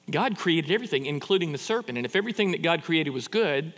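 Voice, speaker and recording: Brief: male pastor, sermon, lively up-and-down delivery, reverberant hall. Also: on the high side, fast, hardly any pauses. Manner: animated, conversational preaching with rhetorical questions and repeated restarts.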